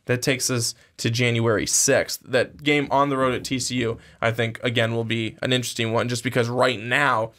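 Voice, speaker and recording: A man co-hosting a casual sports podcast, talking in rambling, halting runs and restarting his sentences. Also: medium pitch, little pitch movement, a bit bright. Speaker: podcast co-host.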